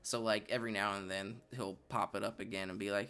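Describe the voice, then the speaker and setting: A man's voice: lowish voice, little pitch movement, fast, few pauses, bright, forceful tone, smooth, soft background music. A man co-hosting a podcast in a laid-back, casual way. He laughs often while recapping a comic. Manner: laid-back, laughs often, narrates and reads lines aloud. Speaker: podcast co-host.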